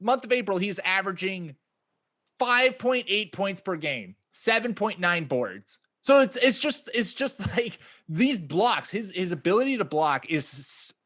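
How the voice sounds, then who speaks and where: Lively bright-voiced man chatting stats. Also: measured pace. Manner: animated, laughing, profane, jumps up in pitch when stressing stats. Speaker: podcast co-host. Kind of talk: casual fantasy sports chat.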